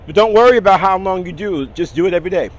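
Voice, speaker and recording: A man teaching a casual singing lesson, talking through posture steps in a relaxed way and checking in with the listener. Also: sits high, fast. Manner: relaxed, talks through steps with "all right?" and "okay". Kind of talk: casual vocal lesson with exercises. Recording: outdoor traffic noise behind.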